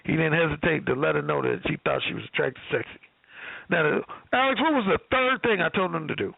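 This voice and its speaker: A man working as a dating coach, telling a story in a profane, animated way, with lots of quoted dialogue. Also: fairly high pitch, fairly quick, creaky, no room sound, narrow, tinny audio. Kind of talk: storytelling on a call-in show.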